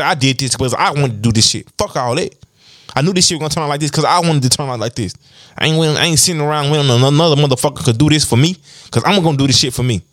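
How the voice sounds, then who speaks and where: A man's voice: fairly high pitch, dry recording, studio quality. A man hosting a podcast, giving a blunt, profanity-heavy motivational monologue. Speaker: podcast host.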